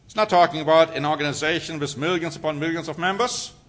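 A man's voice: fairly high pitch, fast, a bit bright. A man preaching a sermon, reading scripture aloud and pressing his points with rhetorical questions and emphatic answers.

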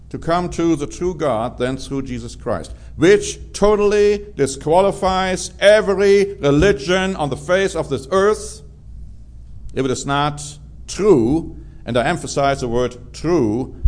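Slow, deliberate male preacher. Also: fairly high pitch. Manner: slow, deliberate emphasis on key words. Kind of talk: sermon.

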